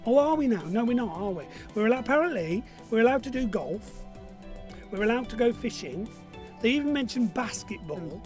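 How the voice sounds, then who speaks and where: A man's voice: extremely high pitch, lively intonation, a little fast, darkish tone, faint music behind. A man from Burnley, hosting an online pub quiz in a chatty, joking way and reading out viewer messages. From Burnley, Lancashire, England. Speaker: quiz host. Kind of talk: live-streamed pub quiz chat.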